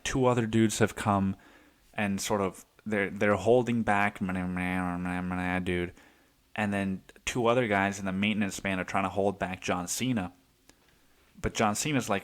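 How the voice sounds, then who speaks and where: A man hosting his own podcast, telling a story in a casual, excitable monologue, swearing freely and saying "dude" constantly. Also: lowish voice. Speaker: podcast host.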